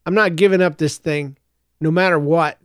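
A man voicing a nervous, guarded teenage boy hero who speaks quietly and tensely in a storybook reading. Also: fairly high pitch, steady tone, normal speed, dry recording, studio quality, natural voice.

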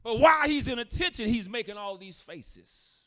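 A male pastor delivering a sermon, moving from plain storytelling to emphatic, shouted preaching. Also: extremely high pitch, lively intonation, normal speed.

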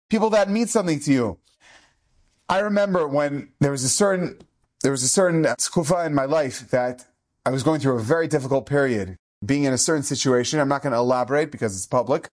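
Middle-aged rabbi telling stories, slightly high voice. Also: male voice, fast. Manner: earnest storytelling sprinkled with Hebrew and Yiddish terms; acts out quoted speech in lively shifting voices. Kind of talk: inspirational eulogy talk.

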